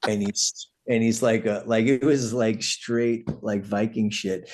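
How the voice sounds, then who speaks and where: A man's voice: on the low side, fairly even intonation, a little slow, a little mellow. Rambling, profane middle-aged man. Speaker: guest, punk band vocalist. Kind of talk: casual storytelling.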